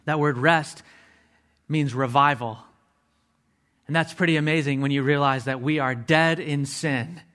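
A man with a somewhat higher-than-usual voice preaches a sermon. He talks earnestly and walks through the meanings of words one at a time. He drops casual asides to his listeners as he goes. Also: steady tone, a little slow, pauses often, a bit bright. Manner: earnest, explains word meanings step by step.

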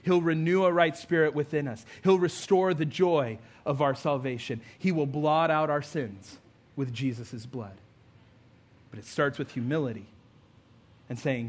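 Man, pastor, sermon, fairly high voice, conversational storytelling, emphatic. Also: a little slow. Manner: conversational storytelling, emphatic rising build-ups.

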